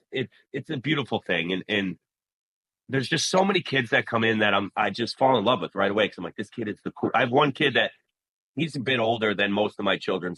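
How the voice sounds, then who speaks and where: Barber guy, bright punchy husky voice, acts out the people in his stories, dry close sound. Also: mid-range voice, no echo, poor audio. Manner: animated storyteller, acts out quoted voices. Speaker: barber, guest. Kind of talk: casual interview talk.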